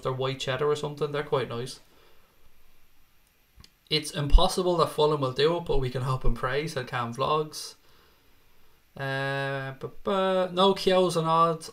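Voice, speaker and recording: A man's voice: fairly high pitch, measured pace, a bit bright. A man with an Irish accent hosting a casual live stream, reading out viewer comments and chatting back with jokes and swearing. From Ireland. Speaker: host reading live chat.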